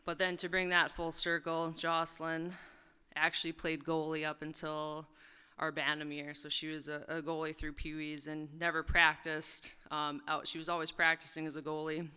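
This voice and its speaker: A woman's voice: low voice, flat delivery, moderate pace, sharp tone, smooth. A woman in her thirties giving a joking, casual acceptance speech at a podium microphone, with many fillers. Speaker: hall of fame inductee. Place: large event hall on stage. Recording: echoey large hall.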